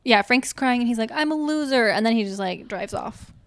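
A woman's voice: fairly high pitch, brisk, fairly bright tone, dry recording. A young woman in casual podcast chat, retelling a movie plot with quoted lines and frequent laughs. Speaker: podcast co-host. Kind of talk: casual film recap chat.

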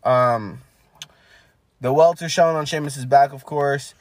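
A man's voice: mid-range voice, slow pace, slight background noise. A man co-hosting a podcast, giving a rambling, casual play-by-play recap with lots of filler. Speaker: podcast co-host.

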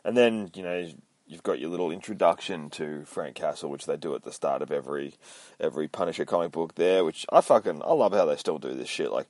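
A man's voice: very deep voice, expressive, brisk, darkish tone, dry recording. A man hosting a casual comic book recap podcast, rambling, swearing a lot and mocking himself. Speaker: podcast host.

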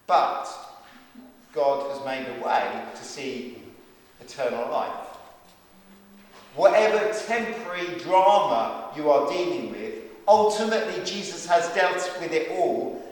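A man's voice: on the high side, animated, slow. A pastor giving a sermon in an earnest, emphatic manner, repeating calls to his listeners, then leading a prayer. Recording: echoey hall from far off.

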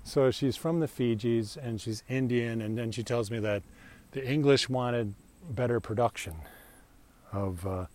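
A man's voice: medium pitch, a little slow, a little mellow. A middle-aged American man telling a rambling, chatty story in a casual monologue, laughing often. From United States.

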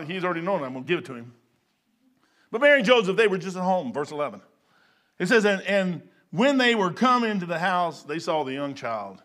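Animated preacher man, high bright voice. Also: brisk. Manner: animated, swings between loud bursts and low asides. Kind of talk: sermon.

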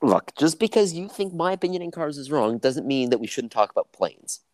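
A man's voice: fairly high pitch, very animated, brisk, darkish tone, dry recording. Teasing young man quizzing a friend. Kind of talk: casual chat.

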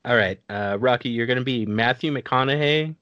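A man hosting a casual podcast, running a party game with a relaxed, chuckling manner. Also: medium pitch, moderate pace, no echo, lo-fi sound. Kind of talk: casual chat.

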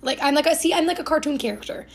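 A woman's voice: high voice, rapid-fire, a little hiss or hum. A young woman from Ohio hosting a podcast, telling a rambling, self-deprecating story full of "like" and self-corrections. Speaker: podcast host. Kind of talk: casual storytelling monologue.

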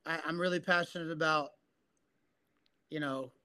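A man's voice: fairly high pitch, fairly even intonation, moderate pace, bright, forceful tone. A man who is a guest on a podcast, speaking earnestly and reflectively in casual conversation. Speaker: guest, men's coach and psychotherapist. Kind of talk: casual interview talk.

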